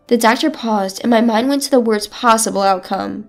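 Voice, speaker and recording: A woman's voice: fairly high pitch, normal speed, hardly any pauses, faint music behind. A woman narrating a family drama in the first person, earnest and dramatic. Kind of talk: scripted story narration.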